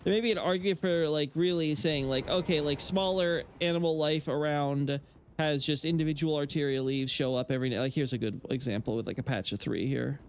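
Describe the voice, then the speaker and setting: Male lore streamer, higher-pitched, rambling and opinionated, casual on-stream chat. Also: steady tone, a little fast, a little hiss or hum. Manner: rambling, frequent fillers and restarts, opinionated. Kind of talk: casual live-stream chat while playing.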